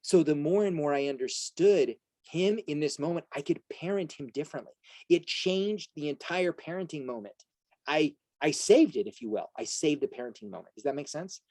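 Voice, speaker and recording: Middle-aged male coach, earnest talk full of rhetorical "right?" asides, mellow tone, dry close sound. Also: a little high, expressive, normal speed, no echo, low-quality recording. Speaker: strengths coach and host. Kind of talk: motivational talk to an audience.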